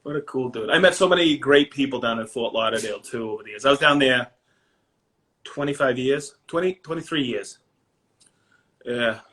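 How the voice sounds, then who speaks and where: A man's voice: mid-range voice, normal speed, sharp tone. A man with a Maine accent, a guest chatting casually on a podcast, laughing often and correcting himself as he goes. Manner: chatty, laughs easily, self-interrupting.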